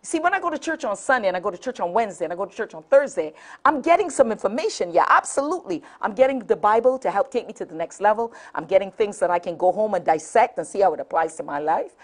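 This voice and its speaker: A woman's voice: medium pitch, lively intonation, quick pace, hardly any pauses. A woman with a Caribbean accent hosting a talk show, talking straight to viewers in a sassy, preachy, slangy way. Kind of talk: lively talk show monologue. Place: TV studio.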